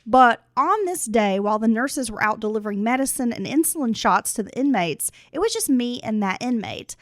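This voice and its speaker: A woman with a fairly high voice co-hosts a casual podcast, reading listener stories and teasing her partner with frequent laughs. Her voice is recorded close and dry, with no room sound. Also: expressive, normal speed, dry recording. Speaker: podcast co-host.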